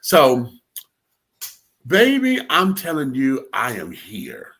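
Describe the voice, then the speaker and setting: A man in his forties on a radio talk show, telling a personal story in a lively, profane, animated way. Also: mid-range voice, takes it slowly, creaky, slightly rough. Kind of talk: casual storytelling chat.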